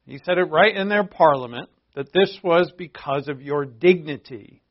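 A man's voice: a little high, normal speed. A man preaching a sermon in a conversational way, with asides to his listeners. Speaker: pastor. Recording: dull lo-fi recording.

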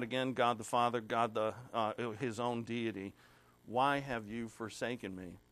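A man's voice: mid-range voice, fairly even intonation, fairly bright tone, dry recording. An earnest male pastor delivers a sermon in a mid-range voice, reading verses with swelling force. The sound is dry and close, with little room around it. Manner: earnest, reads scripture aloud with rising emphasis; emotional, clears throat and pauses. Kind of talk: expository sermon.

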